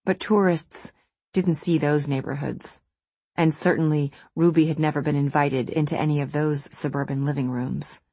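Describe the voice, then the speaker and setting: A woman reading a novel aloud in measured, steady scripted narration. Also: low voice, husky, no room sound. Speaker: audiobook narrator.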